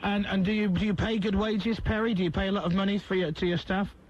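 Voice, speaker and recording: A man's voice: sits high, fairly even intonation, fast. A man in his twenties hosting a radio show with jokey, teasing chat. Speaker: radio host. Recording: dull taped radio broadcast.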